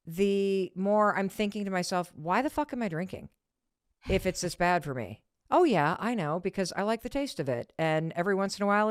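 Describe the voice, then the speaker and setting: A woman's voice: medium pitch, clear, resonant tone, no echo, clean studio sound. A middle-aged woman hosting a casual conversation, candid and self-deprecating, swearing freely as she talks things through. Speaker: podcast host.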